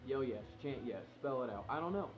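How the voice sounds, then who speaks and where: A young man speaks straight to camera, eager and earnest, his voice at an ordinary middle pitch. The sound is a little dull and lo-fi, like a home video. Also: a little fast. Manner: earnest and excited, reads a heartfelt letter softly. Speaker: vlogger planning a proposal. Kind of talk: casual direct-to-camera talk.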